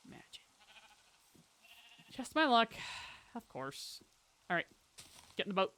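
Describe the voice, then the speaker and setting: A live streamer chatting casually and playfully over gameplay, talking to viewers and a pet and breaking into loud exclamations. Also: medium pitch, sing-song, slow, long pauses.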